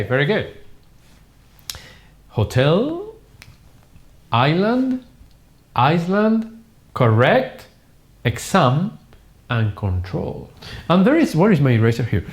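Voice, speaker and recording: A middle-aged man whose first language is Spanish, teaching a live online English lesson in a classroom and drilling words with emphatic repetition. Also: medium pitch. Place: classroom with whiteboard.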